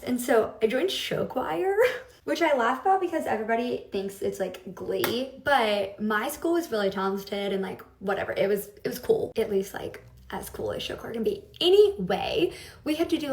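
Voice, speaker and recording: A bubbly young woman vlogger, her voice a little high, chats confidingly in a casual get-ready-with-me video, laughing between words. She's recorded from a distance, with a roomy, echoey sound.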